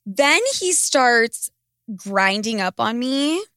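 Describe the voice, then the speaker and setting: A woman's voice: a little high, takes it slowly, smooth, no room sound, clean studio sound. A young woman chatting frankly on a podcast, blunt and profane, telling stories with lots of energy. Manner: blunt, profane, animated storytelling. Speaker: podcast co-host. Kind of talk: frank casual chat.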